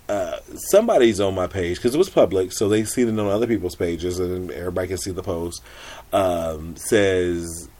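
A middle-aged man hosting a podcast, telling a story in a chatty, animated way with frequent laughs. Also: husky. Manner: animated, chatty, laughs often, jumps high for exasperated quotes. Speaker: podcast host. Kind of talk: casual storytelling monologue.

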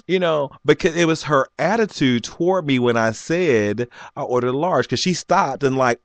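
A man in his forties telling a story in an animated rant, laughing often and jumping up high when he quotes people. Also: moderate pace, few pauses, no echo. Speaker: vlogger.

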